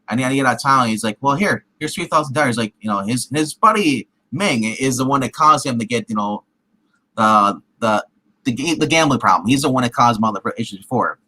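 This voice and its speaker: A man with a bright, forceful voice chats casually on a film review show. He rambles, stacks up restarts and "he's like" asides, and slips into other characters' voices along the way. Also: medium pitch, low-quality recording. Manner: rambling, acts out scenes in lively put-on voices. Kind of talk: casual chat.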